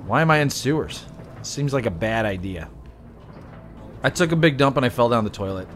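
Excitable man yelping through a game. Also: mid-range voice, normal speed, a little hiss or hum. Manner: excitable, yelps and swears at in-game mishaps. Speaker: gameplay commentator. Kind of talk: casual let's-play banter.

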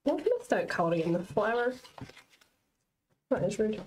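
A woman's voice: medium pitch, normal speed. A woman co-hosting a live crafting stream, chatting casually and reading out viewer comments. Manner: relaxed, reads out viewer comments.

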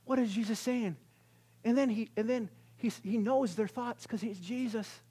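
Speaking at a moderate pace in an extremely high, husky voice, this male pastor gives a chatty sermon at a church service. He moves from loud outbursts to quiet near-whispers and often laughs at his own expense.

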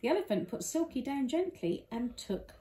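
A woman's voice: sits high, sing-song, normal speed, warm tone, reverberant. An older woman reading a children's storybook aloud, amused and teasing her reading partner. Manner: amused, teasing, often laughing. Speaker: storybook reader.

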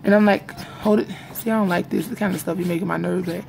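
Young woman, casual vlogger, gravelly voice, confiding and repetitive, faint background noise. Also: fairly low pitch, steady tone, fast talker, darkish tone. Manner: rambling and confiding, repeats herself, addresses viewers as y'all. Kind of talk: casual vlog chat to viewers. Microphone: phone or webcam in front of her.

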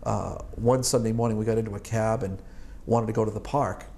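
A man's voice: lowish voice, steady tone, brisk, vocal fry, warm tone, slight background noise. A man in his sixties from Boston, an Army veteran recalling his service in an oral history interview, rambling and chuckling with many fillers and restarts. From Boston, United States.

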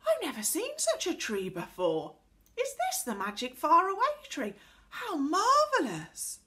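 A woman voicing a spoilt, doubting young girl in a storybook, high and indignant. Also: huge pitch swings, moderate pace, sharp tone. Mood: amazed.

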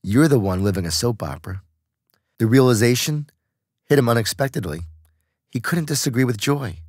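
An audiobook is read by a man whose mid-range voice stays steady and measured. No room sound comes through, and the quality is studio level.

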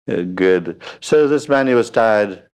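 A man giving a spiritual talk to an audience, telling humorous anecdotes and often pausing to ask "hmm?". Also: mid-range voice, sing-song. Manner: storytelling with frequent questioning "hmm?" asides. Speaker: spiritual teacher.

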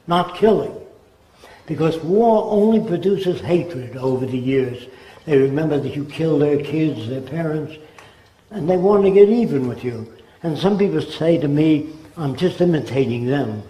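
A man's voice: fairly high pitch, mellow. An older man giving a spoken lecture, emphatic, often dropping into mimicked voices. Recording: roomy echo.

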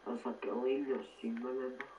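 A man, relaxed in casual gameplay chat, offering tips to a fellow player. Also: medium pitch, fairly quick, muffled recording, a little hiss or hum.

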